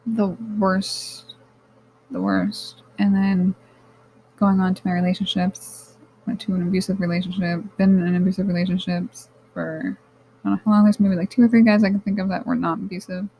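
A woman's voice: lowish voice, little pitch movement, a little fast, mellow, a little hiss or hum, rough recording. A woman hosting her own podcast, talking candidly and rambling, swearing freely and addressing listeners as guys, close to tears. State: near tears. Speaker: podcast host. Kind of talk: personal podcast monologue.

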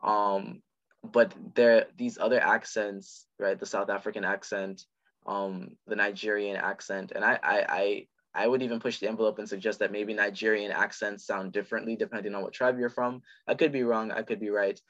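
Low flat-voiced man with Jamaican accent. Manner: measured, explanatory. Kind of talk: casual discussion. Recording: dull lo-fi recording.

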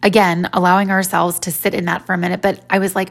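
A woman's voice: mid-range voice, flat delivery, quick pace, gravelly, hardly any pauses. A woman in her forties giving a faith-based personal talk in a conversational way, with many "you know" fillers. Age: 40s.

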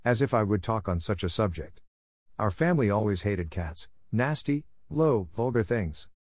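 A man reading the part of a touchy male mouse, speaking in a shrill, passionate voice. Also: expressive, moderate pace, a little mellow, no room sound, studio quality. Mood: offended.

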